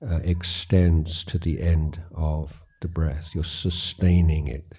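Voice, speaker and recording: A man in his later years leading a guided meditation, speaking slowly and haltingly with pauses and fillers. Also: a bass voice, fairly even intonation, dark tone, slightly rough. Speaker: meditation teacher. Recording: recorded at a retreat.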